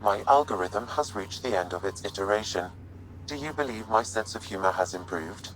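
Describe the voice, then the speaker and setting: Deep, deadpan male AI companion for a video game , played by a man, formal and even. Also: slight background noise, lightly acted, rough recording. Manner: flat, formal and measured.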